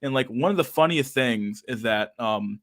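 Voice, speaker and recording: A man's voice: medium pitch, expressive, normal speed, a bit bright. Guy ranting on his podcast, swears nonstop, says dude a lot, laughs a lot. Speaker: podcast host. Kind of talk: casual ranting chat.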